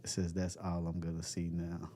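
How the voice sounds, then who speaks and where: A man's voice: deep voice, monotone, moderate pace, mellow, slight background noise. A man hosting a casual livestream, reading chat comments aloud, joking and laughing often, with loose slangy talk. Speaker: livestream host. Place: cold room at home.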